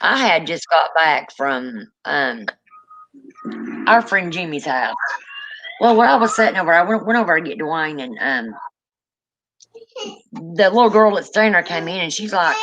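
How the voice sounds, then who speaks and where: A woman co-hosting a livestream in casual chat, telling a long story and jumping up in pitch when she quotes people. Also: measured pace, long pauses, lo-fi sound. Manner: animated storyteller, rises high when quoting. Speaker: livestream co-host.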